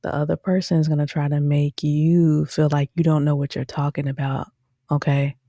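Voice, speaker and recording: A low-voiced woman at a moderate pace, with no room sound, chats through a show review for her viewers. She's animated and talkative, calls the audience "y'all," and keeps saying "um" and "okay?" in her casual commentary.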